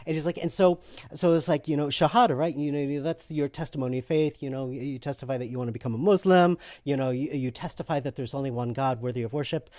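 A man telling a personal story in casual conversation, animated and laughing often as he acts out what other people said. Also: medium pitch, fast talker, no echo, studio quality.

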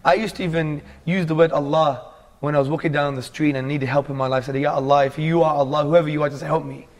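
Guy in his 40s telling his story, fairly high voice, animated and earnest, keeps saying bro. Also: fast. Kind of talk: casual storytelling chat.

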